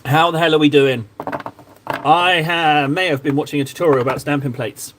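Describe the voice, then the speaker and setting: A man's voice: fairly high pitch, moderate pace, noisy background. A man hosting a casual livestream, reading chat aloud with playful, self-mocking banter. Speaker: livestream host painting miniatures.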